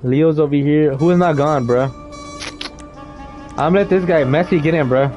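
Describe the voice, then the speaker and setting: A man's voice: on the high side, normal speed, darkish tone, muffled recording, soft background music. A young man hosting a live game car meet, talking in loose slang and calling players in by name. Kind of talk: casual live-stream commentary.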